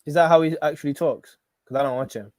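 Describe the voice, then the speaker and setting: A man hosting a live football watch-along, excitable and shouting at every chance. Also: on the high side, fast, no room sound, clean studio sound.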